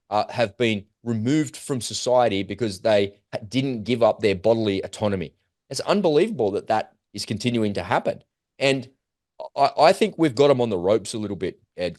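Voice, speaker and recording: A podcast co-host talks in heated, emphatic casual conversation, acting out quoted voices. His voice is fairly low and a little mellow, captured in a dry, clean studio recording.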